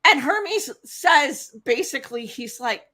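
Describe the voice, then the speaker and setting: Woman host, casual myth retelling, high voice, bright and lively. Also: takes it slowly. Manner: animated, chatty retelling with fillers. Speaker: podcast host.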